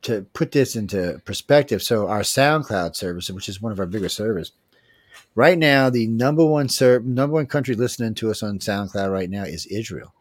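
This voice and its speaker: Male radio host, Southern Cajun accent, rambling and jokey, lowish voice, dry close sound. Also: expressive, moderate pace, no room sound. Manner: rambling, joking, folksy. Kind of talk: casual talk-radio chat.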